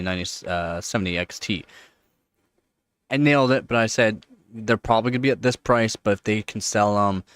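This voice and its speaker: A man's voice: fairly low pitch, no echo, clean studio sound. A man with a Canadian accent, hosting a live stream and chatting casually, rambling and repeating points for emphasis. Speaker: livestream host.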